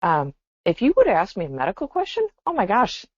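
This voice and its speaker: A woman with a mid-range voice, huge pitch swings and a fairly quick pace co-hosts a casual podcast chat. She's reflective and exclaims and laughs often. The audio is dull, dry and lo-fi, with no echo.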